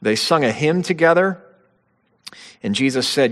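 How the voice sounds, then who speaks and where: A man's voice: a little high, animated, a little slow, pauses often, fairly bright tone. A man preaching a sermon, conversational teaching with bursts of dramatic quotation. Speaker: pastor. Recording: long hall reverb.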